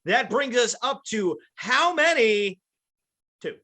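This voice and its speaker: A man's voice: very high voice, lively intonation, takes it slowly, pushed and bright. A man hosting a casual podcast, introducing co-hosts with playful wrestling-announcer flourishes. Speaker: podcast host.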